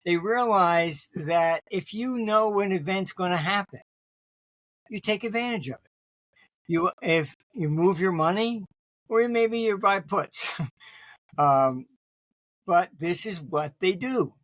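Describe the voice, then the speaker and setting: A man being interviewed, telling long rambling anecdotes about his forecasts, often clearing his throat and restarting sentences. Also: high voice, slow, long pauses, fairly bright tone, no echo. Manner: restarts sentences, many fillers. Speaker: interview guest, market forecaster.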